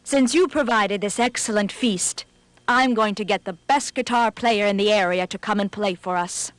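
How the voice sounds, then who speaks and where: A woman's voice: medium pitch, normal speed, no room sound, lightly acted. A woman playing a gullible storybook tiger. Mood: earnest. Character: gullible hungry male tiger.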